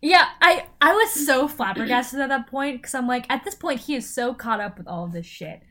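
A woman co-hosting a casual chat that recaps a TV show, animated and laughing, acting out quotes in exaggerated voices. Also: sits high, moderate pace. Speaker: podcast co-host.

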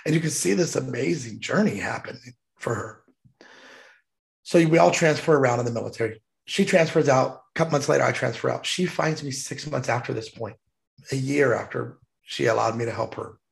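A man's voice: medium pitch, a little fast, gravelly. A man, a military veteran guest, telling an emotional personal story in a heartfelt, emphatic way. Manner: heartfelt, emphatic, choked up at times.

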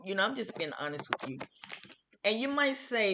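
A middle-aged woman hosting her own show, giving her opinion in a slow, emphatic, chatty way and repeating her phrases. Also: lowish voice, animated, background noise. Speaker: host. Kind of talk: casual opinion talk.

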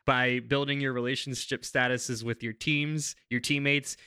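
A man pitching an imaginary game on a comedy podcast, joking and interrupting himself as he goes. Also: little pitch movement, normal speed, pushed and bright, clear, resonant tone, dry recording, studio quality.

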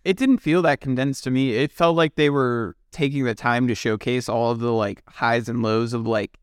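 Chill guy on a movie podcast, smooth clear voice, says dude a lot, dry close mic. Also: mid-range voice, steady tone, moderate pace, dry recording. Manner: laid-back, chummy, says "dude". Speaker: podcast co-host. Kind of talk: casual film discussion.

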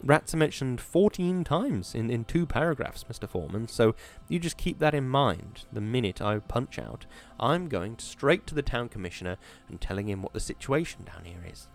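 A man's voice: mid-range voice, big pitch swings, normal speed, creaky, hardly any pauses, soft background music. A man voicing a cocky young college-boy worker. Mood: defiant. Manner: cocky, mocking. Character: defiant, sarcastic young male college-boy mill worker.

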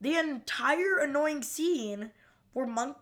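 A woman's voice: high voice, lively intonation, takes it slowly, a bit bright. A woman co-hosting a casual podcast about a TV episode, giving frank opinions with easy laughter. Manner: laid-back, frank opinions, laughs often. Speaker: podcast co-host. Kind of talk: casual chat reviewing a TV episode.

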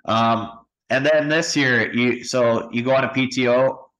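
A man hosting a podcast, chatting in a relaxed way and prompting his guest with questions. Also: mid-range voice, a little slow, poor audio. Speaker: podcast host. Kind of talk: casual interview chat.

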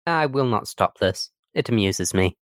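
A man's voice: mid-range voice, animated, slow. A man playing a tabletop role-playing game, speaking in a playful, wry way. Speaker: player.

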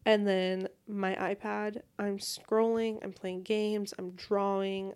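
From her bed at home, a chatty young woman hosts a solo podcast, rambling in a bubbly, easygoing way. Her voice is at an ordinary middle pitch for a woman, clear, resonant, and a little mellow, though her delivery is flat and slow with few pauses.

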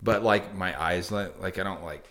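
Deep-voiced tired rambling man. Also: normal speed, background noise. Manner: rambling, many "like" fillers. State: tired, up since early morning. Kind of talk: casual chat.

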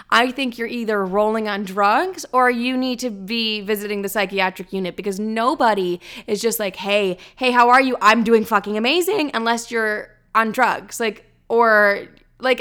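A young woman in her twenties hosting a casual solo podcast, telling stories in a blunt, profane, animated way while still feeling a bit ill. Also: mid-range voice, clean tone. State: recovering from illness. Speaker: podcast host.

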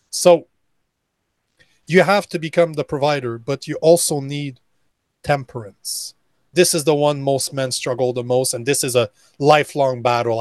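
A man speaking as a guest on a podcast interview, blunt and emphatic, lecturing with slow deliberate stresses. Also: medium pitch, dry recording. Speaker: guest, men's coach.

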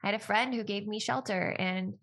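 Bright-voiced heartfelt woman. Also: mid-range voice, fairly quick. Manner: open, heartfelt, uses many "like" fillers. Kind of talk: casual chat about relationships and healing.

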